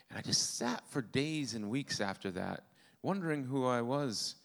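A man's voice: mid-range voice, lively intonation, moderate pace, vocal fry. A man preaching a testimony sermon, telling his story in an earnest way with a dry, self-mocking humor.

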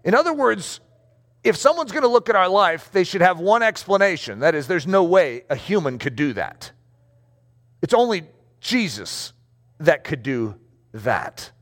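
A man preaching a sermon to a congregation, emphatic and animated, asking rhetorical questions and drawing out key words. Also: high-pitched, a little slow. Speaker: pastor.

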